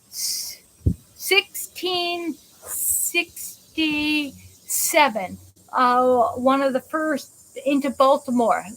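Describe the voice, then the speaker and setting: High-pitched woman from the us rambling through a live stream chat, slow and easygoing, lots of restarts, says hi to viewers. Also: a bit bright, poor audio. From United States. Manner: rambling, chatty, many restarts, greets viewers by name. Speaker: host of a live interactive show.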